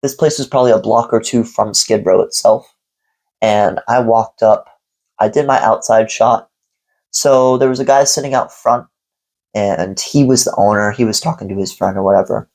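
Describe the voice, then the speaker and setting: Gravelly, candid male vlogger. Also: on the low side, fairly even intonation, moderate pace, darkish tone, rough recording. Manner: candid, profane, rambling. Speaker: coffee reviewer vlogger. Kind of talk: casual storytelling vlog.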